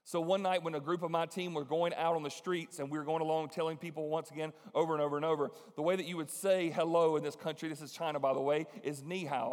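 A man preaching a sermon, telling a story with lively acted-out voices. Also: a little high, big-room sound. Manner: animated storytelling, acts out voices.

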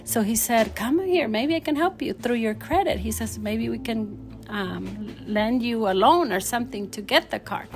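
Woman telling a lively faith testimony. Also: a little high, moderate pace, hardly any pauses. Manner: animated, acts out quoted dialogue. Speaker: testimony speaker. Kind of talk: personal testimony storytelling.

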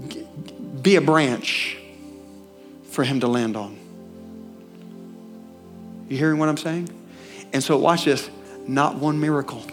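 A man preaching a sermon in a church with a Southern US accent, animated, questioning the congregation and swinging between loud and hushed. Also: on the high side, a little slow, long pauses, faint music behind. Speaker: pastor.

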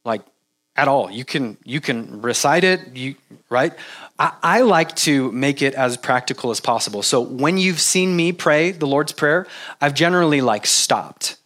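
A man preaching a casual sermon, halting with restarts and fillers, animated when he mimics repetitive prayer. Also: mid-range voice. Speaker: pastor.

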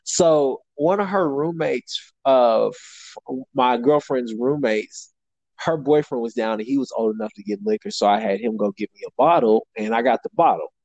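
A man's voice: mid-range voice, normal speed, gravelly, dry recording, lo-fi sound. A young man casually telling a story, animatedly acting out the people he quotes. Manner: animated, acts out quotes with shifting voice.

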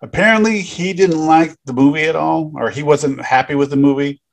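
A man's voice: on the high side, fairly quick, vocal fry. A man hosting a podcast over a video call, asking rambling questions and giving many short backchannels. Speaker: podcast host. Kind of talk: casual interview chat.

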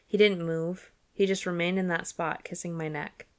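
A woman's voice: lowish voice, steady tone, moderate pace. A woman hosting a book club podcast, chatting casually with giggly asides and reading passages aloud.

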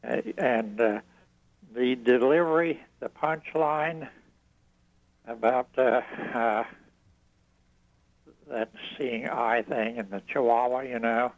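A man's voice: medium pitch, steady tone, takes it slowly, pauses often, no echo. An older man calling into a radio show, talking in a rambling, hesitant, slightly fussy way. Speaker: radio caller. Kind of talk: call-in chat. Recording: dull call-in line.

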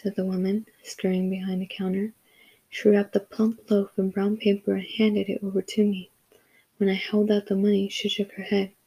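A woman narrating a story in a steady, even reading voice. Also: medium pitch, normal speed, gravelly, breathy edge, low-quality recording. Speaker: audiobook narrator. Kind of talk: scripted narration.

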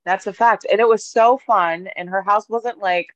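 A woman's voice: mid-range voice, fairly even intonation, normal speed, dry recording, highs cut off. A woman co-hosting a podcast, telling stories in a chatty, playful way with lots of fillers. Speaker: podcast co-host. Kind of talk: casual chat.

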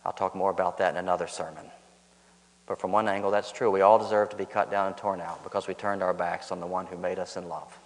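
This pastor's deep voice stays fairly flat in pitch as he preaches fast in a church sanctuary, with a long reverb tail behind him. He tells stories, repeats key lines for emphasis, and lifts his voice on punchlines.

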